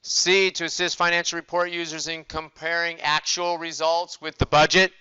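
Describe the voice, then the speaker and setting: A man's voice: on the high side, level tone, normal speed, bright, forceful tone, clean tone, dry recording, lo-fi sound. An older male accounting professor giving a casual recorded lecture, asking questions and answering them himself. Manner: conversational, asks and answers his own questions.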